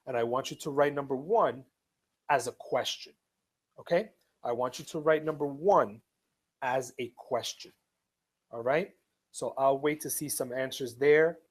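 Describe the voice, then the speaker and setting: Man, online English teacher, mid-pitched voice, patient, repeats each step, stresses example sentences. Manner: reads example sentences aloud with clear stress. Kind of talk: live online ESL lesson.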